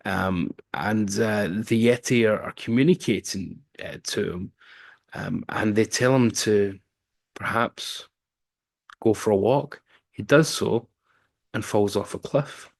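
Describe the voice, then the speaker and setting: A man's voice: fairly low pitch, unhurried, creaky, darkish tone. A man casually recapping a film's plot as a reviewer, with wry asides and frequent um fillers. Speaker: film reviewer.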